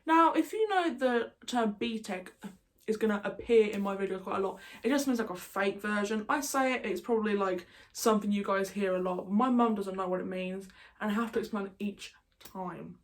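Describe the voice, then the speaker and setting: A woman's voice: medium pitch, normal speed. Rambling young English woman vlogging. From England. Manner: rambling, goes off on tangents. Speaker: YouTuber. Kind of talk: casual vlog chat.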